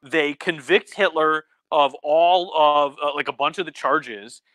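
A tipsy man lectures like a professor, rambling at home with plenty of fillers and little mocking voices for the people he quotes. His voice sits a bit high and sounds bright. The sound is dry and close. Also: a little slow, dry recording. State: drinking, tipsy. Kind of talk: casual tipsy lecture livestream.

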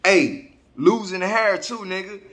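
A man's voice: sits high, slow, a bit bright. A man in his forties, a travel vlogger, ranting straight to camera in a confrontational, heavily profane way. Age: 40s. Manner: confrontational, profane, heavy repeated slang. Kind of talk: angry direct-to-camera rant.

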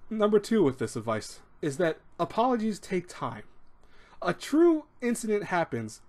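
A man's voice: fairly high pitch, darkish tone. A man hosting an advice video, talking in a rambling, emphatic way with many restarts and acted-out quotes. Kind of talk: casual advice monologue.

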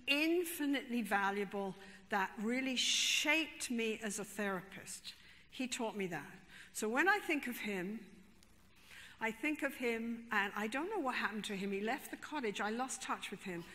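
High, bright-voiced woman telling a story. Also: normal speed. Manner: expressive, emphatic storyteller with repeated asides. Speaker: therapist. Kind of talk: storytelling talk to a conference audience. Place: large conference hall. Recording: long reverb in a large hall.

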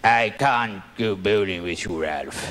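A man on stage voicing a meek, sheepish male sidekick with a low, mumbled, apologetic delivery. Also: a little slow, fairly bright tone, a little hiss or hum. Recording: roomy live stage hall.

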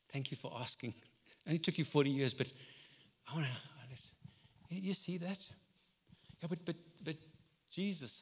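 A man preaching a sermon as pastor in a conversational way, swinging between loud and soft passages. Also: on the high side. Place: church hall. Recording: long hall reverb.

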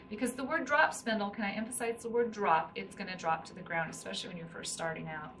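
Her voice fairly high and sharp, a middle-aged spinning instructor walks through hand spinning step by step while showing the motions with her hands. Faint room noise comes through a somewhat distant microphone.

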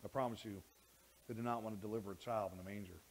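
A man preaching a sermon as pastor in a church, animated, with frequent repeated words and restarts, sometimes rising close to a shout. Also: lowish voice, fast talker, a little hiss or hum, poor audio. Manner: animated, rising to near shouting when worked up.

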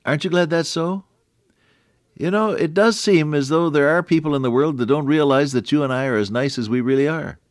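A man's voice: a little high, a little fast, dry recording, clean studio sound. An older man giving a folksy radio sermon, chatty with frequent restarts and chuckles. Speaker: radio preacher.

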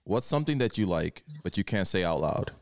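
A man's voice: deep voice, big pitch swings, a little fast, noisy background. A young man hosting a podcast in casual chat, teasing and laughing often. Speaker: podcast host.

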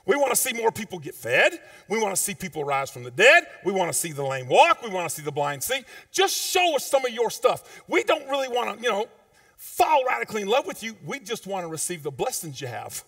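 A man preaching a sermon as pastor, in a conversational, informal way with slang, swinging between loud emphatic peaks and low quiet asides. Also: big pitch swings, brisk, no echo, studio quality, recorded from a distance. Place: church sanctuary.

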